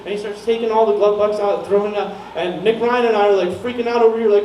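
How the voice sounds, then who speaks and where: A young man tells a rambling, profane stand-up story with a high, light voice, chuckling at his own lines. The sound is distant and roomy, with a low hiss under it in a small comedy venue. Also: fairly even intonation, fast talker, few pauses, a little mellow. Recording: echoey room, mic heard from far off, some noise.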